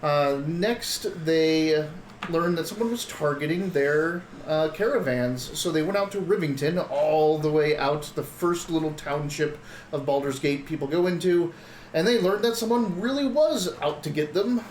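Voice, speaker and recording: A chatty man with a somewhat high voice, hosting a tabletop game and recapping events with plenty of fillers and laughs. The sound is echoey with a little noise behind him. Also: moderate pace, darkish tone. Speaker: game master and show host. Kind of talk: casual banter and game recap.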